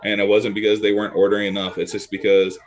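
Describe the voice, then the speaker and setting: A man with a fairly low voice tells a rambling, animated story in casual conversation at home. He acts out the lines of everyone in it as he goes. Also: quick pace. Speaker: guest, e-liquid maker.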